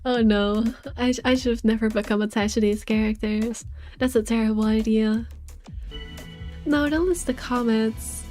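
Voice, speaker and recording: A woman's voice: fairly high pitch, steady tone, normal speed, darkish tone, soft background music. A woman live-streaming a game, chatting casually with her viewers and reading game text aloud. She is chatty and giggly and trips over her words.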